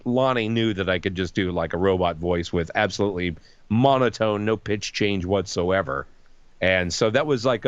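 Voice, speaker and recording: A middle-aged voice actor telling lively anecdotes in a casual interview. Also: male voice, lowish voice, clear, resonant tone, no room sound, highs cut off. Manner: animated anecdotes with voice impressions. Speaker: voice actor guest.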